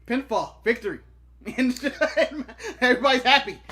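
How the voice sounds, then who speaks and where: A man's voice: extremely high pitch, expressive, moderate pace, bright, forceful tone. Laughing, jokey male podcast co-host. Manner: laughing, jokey, acts out silly quotes. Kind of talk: casual podcast chat.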